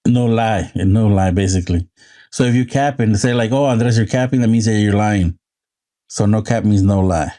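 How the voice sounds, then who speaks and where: A man's voice: lowish voice, moderate pace, mellow. A man co-hosting a casual podcast, rambling loosely and swearing as he chats. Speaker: podcast co-host. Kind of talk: casual chat.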